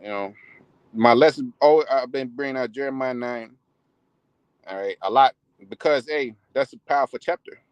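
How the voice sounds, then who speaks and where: A man's voice: mid-range voice, normal speed, clear, resonant tone, no echo, muffled recording. A man preaching in a casual, heated style, swearing often and restarting his sentences. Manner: heated, profane, many restarts. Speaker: street preacher. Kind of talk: casual sermon with profanity.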